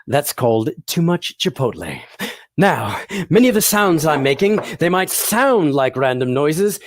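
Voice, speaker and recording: Heard in a mid-range voice with no room sound, a performer presents a learning show for kids. They keep things playful and encouraging, laughing frequently and addressing the audience with questions.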